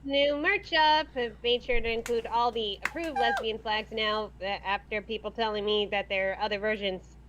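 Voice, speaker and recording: A woman artist in casual chat, talking in halting restarts and acting out quoted voices. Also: medium pitch, level tone, background noise. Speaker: artist and fan voice dubber. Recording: dull lo-fi call audio.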